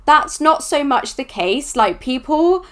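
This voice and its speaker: A woman's voice: high voice, expressive, slow pace, fairly bright tone. A young woman from southwest England with a West Country accent, rambling chattily as a reaction video host. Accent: West Country English. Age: young adult. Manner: rambling, filler-heavy, chatty. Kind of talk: casual reaction chat.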